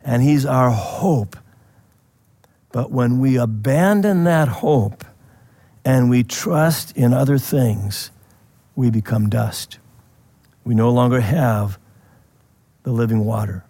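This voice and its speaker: A man preaching a sermon in a conversational way, asking the listeners questions and laughing softly now and then. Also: medium pitch, takes it slowly, pauses often. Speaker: pastor.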